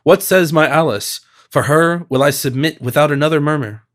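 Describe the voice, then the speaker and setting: A man's voice: a little high, moderate pace, close to an everyday voice. A man reading the part of a dignified young woman, an elder sister, speaking firmly and solemnly. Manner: firm, solemn.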